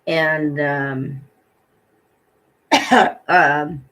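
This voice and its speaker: A woman's voice: low voice, steady tone, very slow, fairly bright tone, low-quality recording. A middle-aged woman vlogger telling a personal story in a rambling, indignant way, with many ums and restarts.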